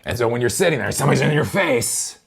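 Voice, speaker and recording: Rambling man with a lively voice. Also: medium pitch, quick pace, creaky, slightly rough. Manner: rambling, laughs often, swears. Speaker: tech commentator. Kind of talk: casual commentary vlog.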